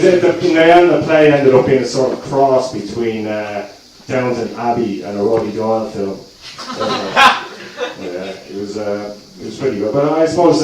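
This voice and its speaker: Hesitant Dublin man doing stand-up. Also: on the low side. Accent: Dublin Irish. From South Dublin, Ireland. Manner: hesitant, lots of ums and uhs, slips into mock-posh voices. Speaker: stand-up comedian. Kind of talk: stand-up comedy set. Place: comedy club stage. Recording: echoey room, mic far, noisy. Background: audience laughter.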